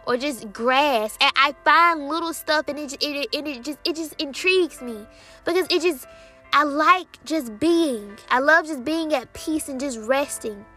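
A young woman, casually sharing a Christian testimony in an excited, chatty way, with many fillers and quoted dialogue. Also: high voice, a little slow, soft background music.

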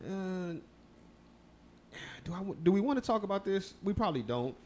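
A man's voice: high voice, big pitch swings, moderate pace, a little hiss or hum. Loose, profane Texan man chatting. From Texas. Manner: loose, profane, laughing storyteller. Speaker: podcast co-host. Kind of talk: casual chat.

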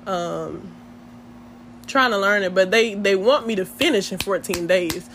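A young woman chatting to her viewers in a lively, slangy storytime, laughing often. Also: mid-range voice, a little slow, background noise. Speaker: vlogger. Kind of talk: casual storytime chat.

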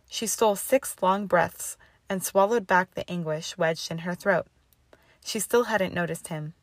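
A woman reading fan fiction aloud in steady storytelling narration. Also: on the low side, measured pace, no room sound. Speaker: audiobook reader. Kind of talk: fanfiction read aloud. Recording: dry close recording.

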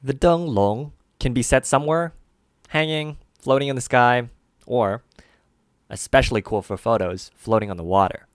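A man with a mid-pitched voice co-hosts a scripted language lesson, recorded dry with no room sound. He slows down to name each syllable and its tone. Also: no room sound.

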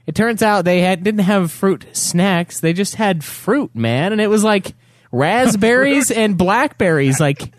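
Podcast co-host, male, lively swings in pitch, dry close sound, swears freely. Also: moderate pace, dry recording. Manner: animated storytelling with frequent swearing. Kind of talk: casual chat.

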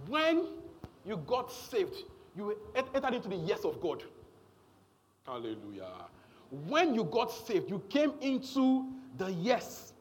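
A man's voice: sits high, wildly swooping pitch, slow pace, slight background noise. A man preaching a sermon, emphatic and repetitive, often checking in with the congregation.

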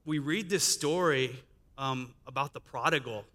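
A man's voice: mid-range voice, unhurried, pushed and bright. A man telling his life testimony as a guest speaker, storytelling in a chatty way with quoted dialogue. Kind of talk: testimony sermon. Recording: reverberant church hall.

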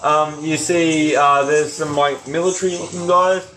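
A man's voice: fairly high pitch, fairly even intonation, unhurried, music in the background, poor audio. A man narrating a tabletop game as game master, rambling with many fillers.

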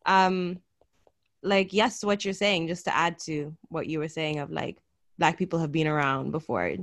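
A young woman from Malawi co-hosting a podcast, chatting casually, quick to agree and add her own points. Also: deep voice, fairly even intonation. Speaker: podcast co-host. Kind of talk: casual chat.

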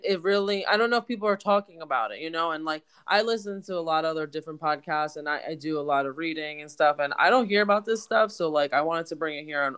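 A woman co-hosting a casual podcast, congested and hoarse-sounding, talking candidly and swearing freely. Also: low voice, a bit bright. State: congested, voice deepened. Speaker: podcast co-host. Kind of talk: casual chat.

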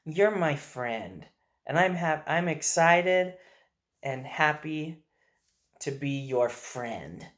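A man voicing his little son, a sweet, excited young boy, in a raised voice. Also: a little high, slow. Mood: sweet, eager.

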